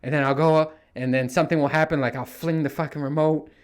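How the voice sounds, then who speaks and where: A middle-aged man hosting his own show, telling stories casually and acting out his panic in a raised voice, with plenty of swearing. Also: quick pace. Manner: animated, swears freely, acts out panicked quotes in a higher voice. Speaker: podcast host. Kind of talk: casual storytelling monologue.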